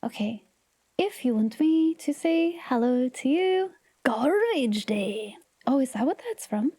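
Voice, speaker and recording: A high-pitched woman chats away with her stream viewers in a loose, giggly, playful way. Her tone is soft and mellow, and the sound is close and dry, with no room around it. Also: slow, no echo. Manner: chatty, giggly, animated and playful. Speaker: livestream host. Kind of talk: casual livestream chat.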